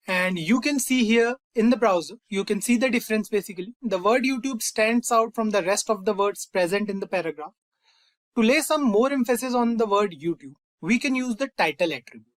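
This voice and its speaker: A man's voice: high-pitched, dry recording. A man teaching a screen-recorded coding tutorial, explaining step by step and addressing viewers as "you guys". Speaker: coding instructor.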